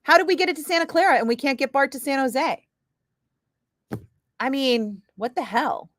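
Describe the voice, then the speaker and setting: A woman's voice: high voice, animated, normal speed, a bit bright, no echo. A woman radio DJ telling a rambling story in casual on-air chat, full of filler words. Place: radio studio.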